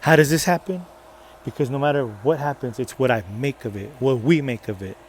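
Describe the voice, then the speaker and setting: A man giving a faith-based motivational talk outdoors. He is preachy and energetic, repeats short rallying phrases, and swings between soft and loud. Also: medium pitch, brisk, a little hiss or hum. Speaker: motivational vlogger.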